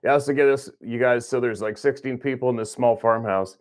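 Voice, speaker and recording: A man with a brisk, mid-range voice hosts a hunting channel, chatting casually on a livestream from a small farmhouse at Christmas. He's playful and teasing.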